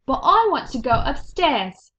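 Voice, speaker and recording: A woman reading aloud voices a rough, simple young serving girl who talks high, loud and shrill, with a rustic way of speaking. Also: very animated, a little slow, slight background noise, exaggerated voice. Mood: defiant. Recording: dull lo-fi recording.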